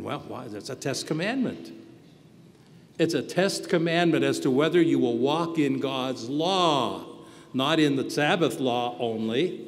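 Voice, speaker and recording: A man giving a sermon as pastor, earnest, moving between quiet reflection and loud emphasis. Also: medium pitch, lively intonation, measured pace. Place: church hall. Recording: reverberant hall with faint background noise.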